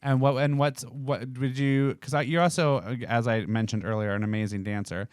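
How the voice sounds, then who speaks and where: A man's voice: mid-range voice, fairly even intonation, moderate pace, clean tone, no echo, clean studio sound. A man hosting a talk show, asking questions and telling chatty, rambling stories. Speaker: host. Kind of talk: casual interview chat.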